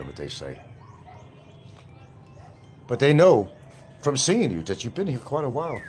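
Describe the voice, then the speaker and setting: A man's voice: mid-range voice, wildly swooping pitch, unhurried, long pauses, darkish tone. An older man from New York with a slight New York accent, rambling and repeating himself as he hosts a casual live stream and reads viewer comments. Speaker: YouTube livestream host.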